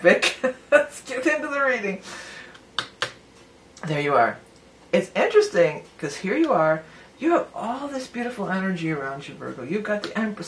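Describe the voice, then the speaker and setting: A woman's voice: lowish voice, slight background noise. A woman giving a casual tarot reading to the viewer, chatty and breaking into giggles between her readings of the cards. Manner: talks straight to the viewer as "you". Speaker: tarot reader.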